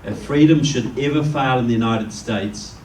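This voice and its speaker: A man's voice: medium pitch, normal speed, darkish tone. Male guest speaker with a New Zealand accent, folksy storytelling delivery, recorded from a distance in a roomy hall with faint noise. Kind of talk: public speech to a live audience. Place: meeting room with an audience.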